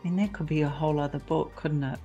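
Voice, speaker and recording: A woman hosting an interview, welcoming her guest and asking questions in a measured way with fillers. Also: deep voice, dull audio, soft background music. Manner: measured, even, warm welcoming phrasing with fillers. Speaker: host. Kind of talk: interview introduction.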